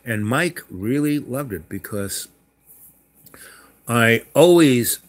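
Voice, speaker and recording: A man's voice: mid-range voice, takes it slowly. Rambling New man telling stories. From New York. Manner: rambling, animated, many restarts and asides. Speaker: storyteller. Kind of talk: casual spoken storytelling.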